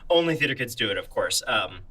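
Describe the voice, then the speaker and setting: A young man with a mid-pitched, bright voice speaks in a casual podcast chat. He is reserved and hesitant, often restarting his sentences. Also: animated, fast talker, low-quality recording. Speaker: podcast co-host.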